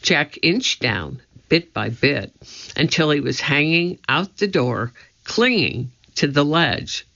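Reading a children's storybook as an audiobook narrator, a man goes slow and measured, building suspense. His fairly high voice is bright yet gravelly, with big pitch swings. The recording sounds dull and lo-fi.

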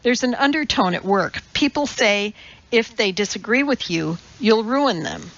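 A woman voicing a sharp young woman who speaks bluntly and asks pointed questions. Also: medium pitch, lively intonation, unhurried, muffled recording. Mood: curious.

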